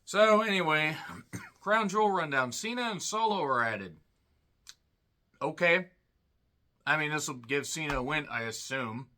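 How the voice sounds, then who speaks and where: Sardonic, bright-voiced male wrestling reviewer. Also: a little high, a little slow, pauses often. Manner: sardonic, dry, frequent throat clearing. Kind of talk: casual spoken review.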